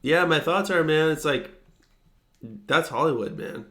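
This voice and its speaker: A man's voice: a little high, lively intonation, unhurried, sharp tone. A young man co-hosting a podcast in laid-back casual chat, dropping "man" and "dude". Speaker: podcast co-host. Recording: echoey room.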